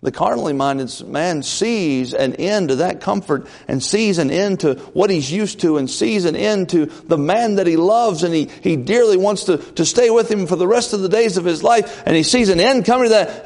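A man preaching a conversational sermon in a folksy way, building up to loud, emphatic peaks. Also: high voice, moderate pace, hardly any pauses, big-room sound.

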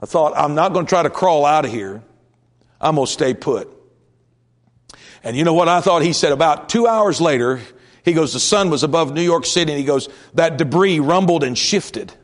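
A male pastor preaching a sermon, swinging from raised emphasis to hushed, slow storytelling. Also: fairly high pitch, animated.

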